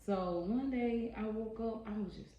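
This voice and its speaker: A woman's voice: a little high, moderate pace. A young woman telling a personal story in a casual, chatty vlog, speaking directly to her viewers and reacting expressively as she goes. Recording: dull echoey room recording, faint hiss.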